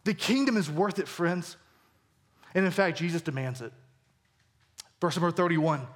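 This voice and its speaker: A man's voice: sits high, normal speed. A man with a Southern American accent preaching a sermon as a pastor, earnest and conversational, full of questions put to his listeners. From Georgia, US.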